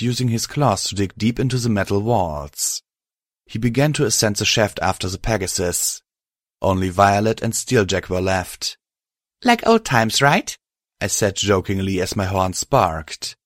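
A man with a fairly low voice narrates in a steady, even storytelling manner. The recording is close and dry, with no room around it. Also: dry recording. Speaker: audiobook narrator. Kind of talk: scripted narration.

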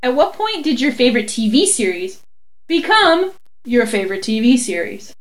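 A woman co-hosting a relaxed conversation, her voice pitched somewhat high. She trades quick, teasing banter and laughs often. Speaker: podcast co-host. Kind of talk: casual chat.

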